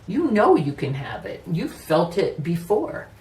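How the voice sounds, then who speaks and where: A tarot reader gives a casual, chatty, personal reading, laughing easily and often saying "you know." Her voice is lowish and warm with wildly swooping pitch and a measured pace, plus a little hiss or hum. The mic sits at a distance in a roomy, echoing space with faint ambience.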